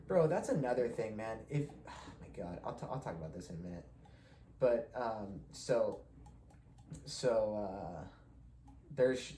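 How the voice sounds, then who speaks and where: A young man hosts his podcast, spinning a loose, profanity-laced story and laughing as he goes. His voice is mellow and warm at a middling pitch. The room around him is echoey, with a faint hum of ambience behind. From Mexican heritage. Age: young adult. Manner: profane, rambling, laughs often. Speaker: podcast host. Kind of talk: casual storytelling.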